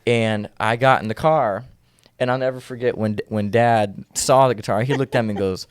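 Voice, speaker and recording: A man's voice: medium pitch, steady tone, normal speed, clear, resonant tone, no echo, clean studio sound. A young man from Indiana, a guest musician, telling a story in a casual, laid-back way with many fillers. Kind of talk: casual interview chat.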